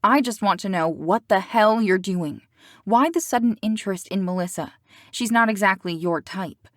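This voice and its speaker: A woman reading an audiobook, voicing a sharp, protective teenage girl who snaps at a boy she cannot stand. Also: mid-range voice, normal speed, dry recording, studio quality, natural voice. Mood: irritated. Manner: snappish, through gritted teeth.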